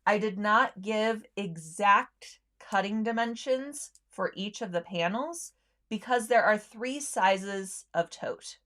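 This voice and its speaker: A woman's voice: medium pitch, slow pace, fairly bright tone. A woman hosting a sewing livestream, chatting casually with viewers, friendly, with lots of ums and easy laughs.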